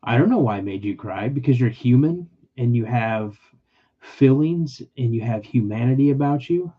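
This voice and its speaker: A man's voice: mid-range voice, expressive, moderate pace, lo-fi sound. A man hosting a casual livestream podcast, rambling and emotional, often repeating himself as he tells personal stories. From California. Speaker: podcast host.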